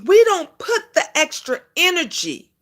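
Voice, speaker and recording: High bright-voiced woman preaching on live stream. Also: wildly swooping pitch, unhurried. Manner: preachy, addresses viewers and chat by name; emphatic repetitions, calls listeners honey. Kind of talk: casual live-stream talk.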